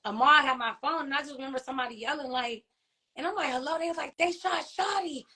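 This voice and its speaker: Woman, interview guest, slightly high voice, halting and heartfelt testimony with many restarts. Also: pushed and bright. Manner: halting, heartfelt, many fillers and restarts, often asks "you know what I mean?". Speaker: interview guest, grieving mother and author. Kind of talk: emotional personal testimony in an interview.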